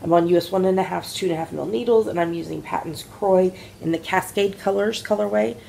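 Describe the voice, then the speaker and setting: Lady co-host, chatty and rambly, low and a bit gravelly. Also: fairly quick, warm tone, slight background noise. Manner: chatty, rambling storyteller with many fillers. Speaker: podcast co-host, mother. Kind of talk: casual chat about knitting.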